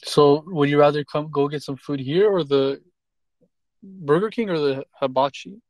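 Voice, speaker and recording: A man's voice: a little high, moderate pace, darkish tone, dry recording. A man questioning someone in a confrontational, pointed way. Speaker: confronting interviewer.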